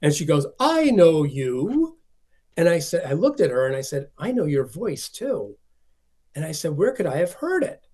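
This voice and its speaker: A man's voice: on the high side, very animated, a little fast, darkish tone, slightly rough. A man, a film collector being interviewed, telling stories and acting out the voices of the people he quotes. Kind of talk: conversational storytelling.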